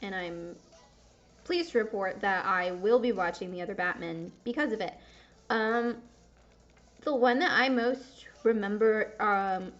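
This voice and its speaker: A woman's voice: mid-range voice, measured pace, fairly bright tone. A young woman chatting casually and candidly while playing a game, rambling and swearing at the game now and then. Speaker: gaming video creator. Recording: dull lo-fi sound.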